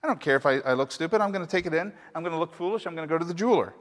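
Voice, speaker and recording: A man's voice: a little high, animated, rapid-fire, a bit bright, voice pushed up. A man voicing a defiant old widower making insistent declarations. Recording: echoey hall reverb.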